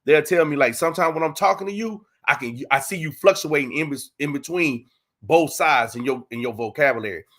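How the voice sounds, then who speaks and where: This man's fairly high, fairly bright voice moves briskly as he hosts a casual livestream Q and A. He has a Texas accent, uses loose street slang and keeps dropping "you know what I'm saying."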